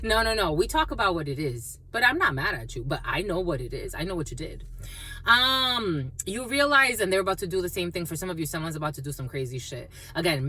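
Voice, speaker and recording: A woman's voice: husky, low-quality recording. A woman giving a casual spiritual tarot reading to her viewers, talking freely, repeating phrases and calling them "my lovies". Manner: animated, swoops high and drops low, repeats phrases, calls listeners "my lovies". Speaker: tarot reader.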